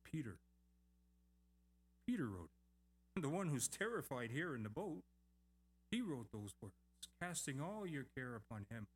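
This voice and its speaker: A middle-aged male pastor preaching a sermon, emphatic and repeating key phrases, with lively asides to the congregation. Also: mid-range voice, a little slow, long pauses, slightly rough.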